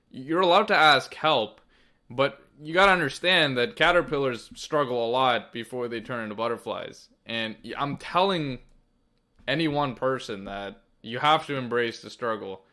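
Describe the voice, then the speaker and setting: A man's voice: medium pitch, expressive, normal speed, bright, forceful tone. A man with a mid-range voice talks on a casual podcast. He gives advice in an earnest, emphatic way and leans hard on his key points. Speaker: podcast co-host.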